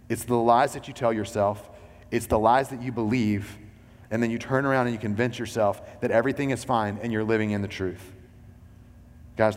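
A man's voice: on the low side, in a large hall. A man preaching a sermon as a pastor. He talks in a loose, conversational way, full of "like" and "you know".

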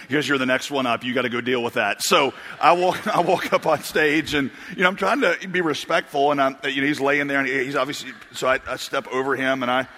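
A man delivers a sermon as a pastor, rambling through funny tales with laughs and false starts. His voice is on the high side, bright and pushed, and the church auditorium adds a long, hall-like reverb.

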